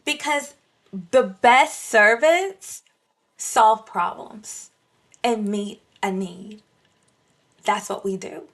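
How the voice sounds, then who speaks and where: A woman hosting a devotional podcast, preaching with animated energy and addressing her listeners as y'all. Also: mid-range voice, drawn-out words, long pauses. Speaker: Christian podcast host. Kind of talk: devotional teaching.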